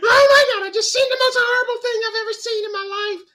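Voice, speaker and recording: A man's voice: extremely high pitch, fairly even intonation, fast, pitched above the performer's own voice. A man voicing his own mother as a frantic, shrieking woman telling a horror story. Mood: horrified. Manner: frantic, shouted gossip. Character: shrieking horrified mother, middle-aged woman.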